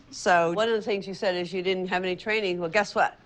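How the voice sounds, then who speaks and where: A woman's voice: medium pitch, fast, few pauses, fairly bright tone, soft background music. A woman speaking as a community organizer, direct and encouraging as she coaches. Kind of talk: interview and workshop talk.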